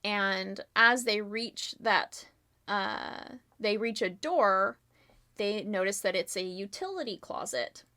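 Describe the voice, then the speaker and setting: A woman's voice: medium pitch, animated, takes it slowly, bright, forceful tone. A woman running a live-streamed murder mystery game as game master, casual and giggly with lots of fillers.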